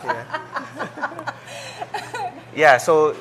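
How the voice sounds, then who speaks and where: A man's voice: very high voice, sing-song, extremely slow, fairly bright tone. A man, a diner owner chatting casually and agreeably. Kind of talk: casual chat. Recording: noisy diner background.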